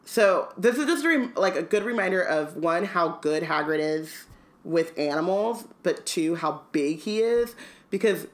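A woman's voice: fairly low pitch, expressive, measured pace. A woman co-hosting a podcast, reading a book aloud and chatting with lots of laughs. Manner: chatty, laughs often, fillers. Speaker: podcast co-host. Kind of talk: casual chat and reading aloud.

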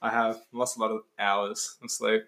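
A man's voice: lowish voice, flat delivery, moderate pace, a bit bright. A man chatting as a guest on a podcast, laid-back, with brief replies and frequent laughs. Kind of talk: casual chat.

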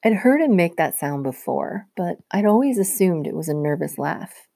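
Teacher lady reading a chapter book out loud, low mellow voice, dry close mic. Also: lively intonation, moderate pace, vocal fry, no room sound. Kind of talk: reading a novel aloud.

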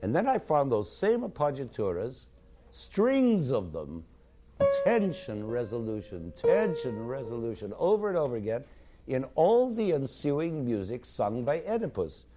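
Male lecturer in a hall, slow, animated delivery over piano playing. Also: medium pitch. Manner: expressive, sings musical examples at the piano. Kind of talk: university music lecture. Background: piano music.

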